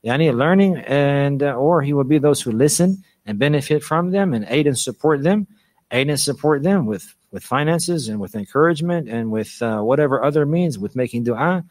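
A man's voice: mid-range voice, lively intonation, normal speed, darkish tone, no echo. A man teaching a religious lecture, repeating phrases for emphasis and mixing in Arabic phrases. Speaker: Islamic preacher and teacher.

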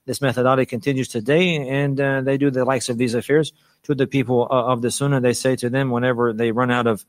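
A man's voice: mid-range voice, little pitch movement, quick pace, no room sound. A man teaching a religious lecture, repeating phrases for emphasis and mixing in Arabic phrases. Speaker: Islamic preacher and teacher.

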